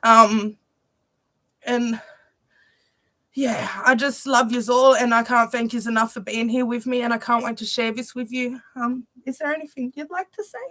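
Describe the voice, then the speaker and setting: A woman's voice: a little high, steady tone, moderate pace, a bit bright, dry recording. A young adult woman, a musician, talking earnestly to viewers on a livestream and filling her speech with "you know". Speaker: musician presenting her music video premiere. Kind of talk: heartfelt livestream talk.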